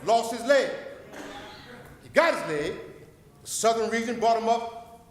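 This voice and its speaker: A man from Paterson, New Jersey, giving an impassioned, preacher-like public comment at a city council meeting, rambling and fervent, with loudness that swells and drops. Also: very high-pitched, measured pace. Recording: echoey council chamber with long reverb.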